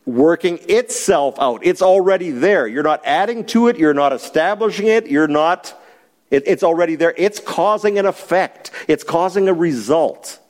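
A man's voice: fairly high pitch, lively intonation, moderate pace, darkish tone. A man teaching a Bible class, explaining a passage with emphasis and putting questions to the class.

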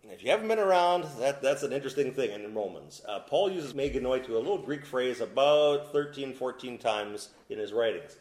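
A man preaching a sermon as pastor, swinging from loud emphatic peaks to low quiet asides, in what sounds like a church. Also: lively intonation, brisk, few pauses. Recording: echoey room.

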